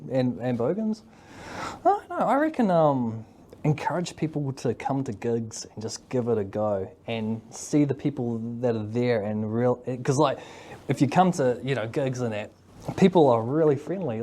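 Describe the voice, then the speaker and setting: A man's voice: mid-range voice, dark tone. A man with a New Zealand accent, a mental health worker talking casually in an interview, rambling with lots of fillers and tag questions. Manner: rambling, full of fillers and "eh?" tags.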